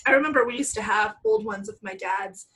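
A woman's voice: mid-range voice, a little fast, a little hiss or hum. A woman co-hosting a casual chat, telling a story and acting out the people in it with big swings of voice. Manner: animated, acts out quoted people with big voice swings. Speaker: podcast co-host.

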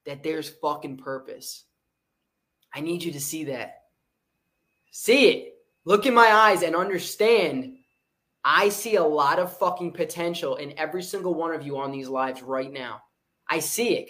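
Brief: hype livestream motivator, swears constantly, repeats lines for punch, chats with the comments, mid-pitch voice in a roomy space. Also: fairly bright tone. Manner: intense, profane, repetitive hype; stops to read and answer viewer comments. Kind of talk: unscripted motivational pep talk to a live chat. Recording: roomy echoey room.

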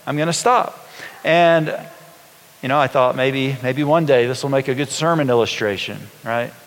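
A man, a pastor, preaching a sermon in a relaxed storytelling way, often asking his congregation questions. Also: medium pitch, moderate pace. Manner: conversational, folksy, asks the congregation questions. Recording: long hall reverb.

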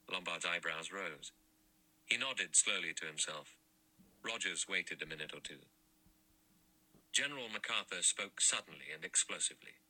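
Deep husky male audiobook narrator. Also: moderate pace, sharp tone, low-quality recording. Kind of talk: scripted narration.

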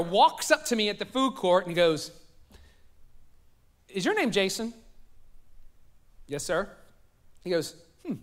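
Southern male pastor, high bright voice, lively storytelling sermon with asides to the congregation. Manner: animated, jokes with the congregation. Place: church sanctuary.

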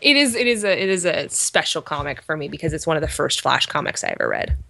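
A woman's voice: sits low, big pitch swings, gravelly, sharp tone, slight background noise. A woman co-hosting a podcast, casually recapping a TV episode and playfully acting out the characters' lines. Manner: playful, acts out characters' lines in quick voices. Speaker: podcast co-host. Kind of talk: casual fan review chat.

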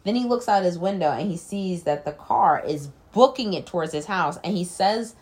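A woman's voice: fairly low pitch, animated, moderate pace, darkish tone. A woman casually recapping a film plot in a loose, chatty way, with frequent fillers and blunt swearing. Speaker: film reviewer.

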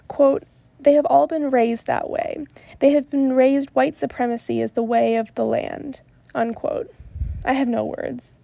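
Earnest woman with a gravelly, mellow voice. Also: high-pitched, dry recording. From Tulsa, Oklahoma, US. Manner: earnest, mildly indignant. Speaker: podcast host. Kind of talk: commentary on played clips and read tweets.

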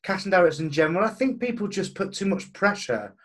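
A man's voice: high-pitched, very animated, quick pace. A man hosting a casual interview for an actors' organisation, chatting and often agreeing with his guest. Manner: chatty, agreeing with frequent yeahs.

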